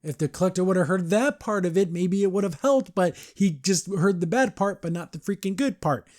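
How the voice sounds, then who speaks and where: A man's voice: high voice, a little fast, darkish tone, dry recording, clean studio sound. A man casually recapping a cartoon episode, rambling with lots of "like" and acting out the characters' lines as he goes. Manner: rambling, heavy use of "like", acts out quotes. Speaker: podcast reviewer.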